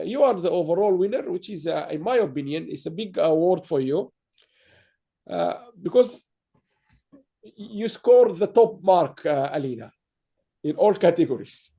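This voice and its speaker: A man hosting an awards ceremony over a video call, his voice pitched high for a man and soft and mellow in tone. He speaks haltingly, restarting phrases and filling gaps with "uh" as he praises the winners. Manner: halting, repeats words, many fillers. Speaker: awards host. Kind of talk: online awards ceremony speech.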